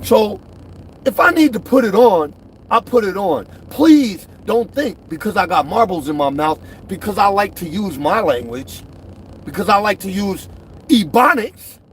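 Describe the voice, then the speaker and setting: Middle-aged male vlogger, emphatic and lively, repeats his points. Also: sits high, moderate pace, slight background noise. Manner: emphatic, repeats himself, swings between loud and quiet. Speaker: truck driver vlogger. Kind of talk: direct-to-camera rant.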